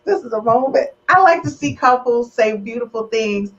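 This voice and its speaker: Woman hosting a couples podcast, teasing guests, kinda high voice. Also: animated, moderate pace, hardly any pauses, highs cut off. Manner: playful, teasing, emotional. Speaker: podcast host. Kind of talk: live relationship podcast chat.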